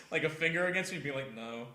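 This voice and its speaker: A man's voice: on the high side, brisk, sharp tone. A young man telling a story casually to friends on a podcast, laughing often as he goes. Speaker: podcast co-host. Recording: echoey room.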